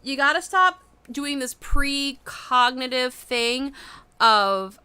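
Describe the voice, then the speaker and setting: Bright-voiced chatty woman reading tarot. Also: high voice, lively intonation, takes it slowly, clean tone. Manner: chatty, rambling, frank. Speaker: tarot reader. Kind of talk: casual livestream tarot reading. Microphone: webcam.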